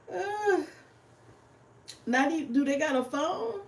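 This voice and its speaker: Chatty, cussing woman with a gravelly voice. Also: very high voice, reverberant. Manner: chatty, swears freely, laughs often. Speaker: livestream host. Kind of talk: casual livestream chat while planning.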